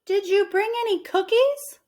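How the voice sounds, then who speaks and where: A woman voicing a kind, gentle middle-aged wife in a storybook reading, speaking sweetly and encouragingly. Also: extremely high pitch, a little slow, pitched above the performer's own voice.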